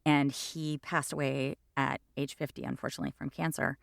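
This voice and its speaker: Lively, rambling woman in her 50s. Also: low voice, normal speed, creaky, no echo, studio quality. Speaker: stage actor, interview guest. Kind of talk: casual interview chat.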